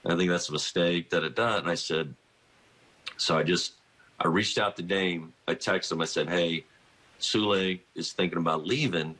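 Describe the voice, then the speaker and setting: Guest spot: middle-aged coach, deep husky voice, rambling storyteller who keeps restarting. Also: male voice, moderate pace, pushed and bright. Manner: rambling, self-interrupting, laughs through anecdotes. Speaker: college basketball coach, guest. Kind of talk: phone-in radio interview, storytelling.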